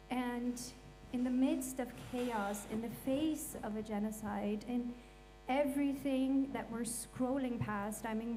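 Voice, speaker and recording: A woman's voice: on the high side, warm tone, low-quality recording. Impassioned woman speaking on a panel. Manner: impassioned, blunt, emotional. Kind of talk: emotional panel reflection. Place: event stage. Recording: faint mains hum.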